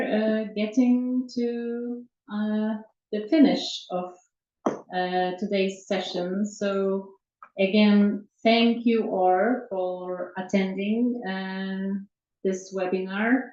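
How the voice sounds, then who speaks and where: Slow, hesitant woman moderating a webinar. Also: mid-range voice, fairly even intonation, warm tone. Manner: hesitant, many filler sounds. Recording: roomy, dull lo-fi sound.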